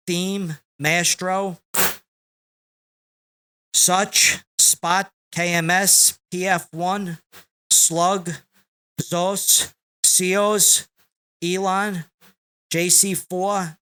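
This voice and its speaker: Slow, bright-voiced man as podcast guest. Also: sits high, smooth. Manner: slow and deliberate, reciting a long list of names; relaxed and rambling, with restarts. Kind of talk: casual conversation.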